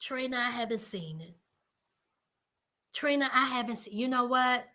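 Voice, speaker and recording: A woman hosting a livestream, chatting casually with viewers and calling them by name, animated and exclaiming. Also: fairly high pitch, moderate pace. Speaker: livestream host. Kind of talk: casual commentary chat with viewers.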